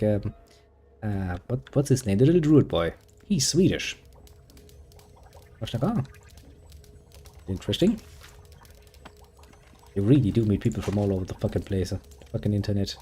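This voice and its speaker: A man's voice: lowish voice, mellow, husky. A man with a German accent giving casual, sarcastic gameplay commentary as a streamer, rambling and swearing freely. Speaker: gaming streamer.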